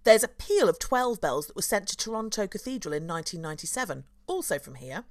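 A woman from London, a tour guide hosting a casual chat, playful and quick to laugh. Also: mid-range voice, animated, no echo, studio quality. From London, England. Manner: chatty, playful, laughs often.

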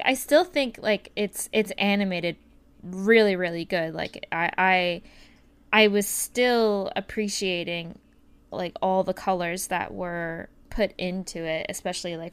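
A woman's voice: medium pitch, measured pace, a bit bright, clean tone. A woman co-hosting a casual podcast chat, talking in a rambling, hesitant way with many fillers. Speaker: podcast co-host reviewing an anime film.

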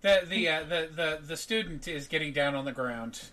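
A man narrating as game master of a tabletop role-playing game, breaking into loud shouted character lines. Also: on the high side, moderate pace.

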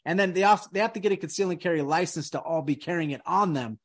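Male podcast host, high-pitched, emphatic and repetitive, casual chat. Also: fast talker. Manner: emphatic, repeats words and restarts often.

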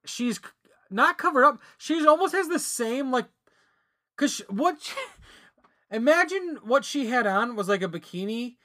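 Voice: high-pitched, animated, a little slow, pushed and bright. Rambling, giggly podcast co-host. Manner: rambling, giggly, uses many fillers. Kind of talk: casual movie-review banter.

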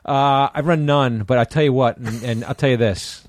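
A man's voice: mid-range voice, moderate pace. A man from Connecticut co-hosting a podcast and telling profane anecdotes in casual chat. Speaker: podcast co-host.

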